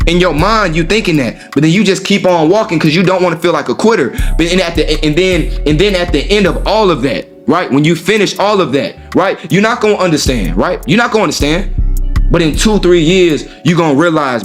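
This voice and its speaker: A man with a somewhat high voice talks through a casual motivational monologue, heavy with street slang and profanity. He keeps checking in with the listener as he goes. Faint music plays underneath. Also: a little fast. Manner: profane, street slang, repeats "you know what I'm saying". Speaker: host.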